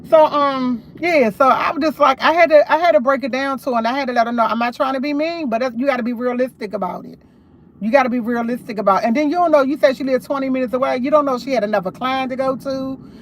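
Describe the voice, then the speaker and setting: High-voiced woman telling a story live. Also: fast, slight background noise. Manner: animated, emphatic retelling of a conversation. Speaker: livestream host. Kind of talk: casual storytelling livestream.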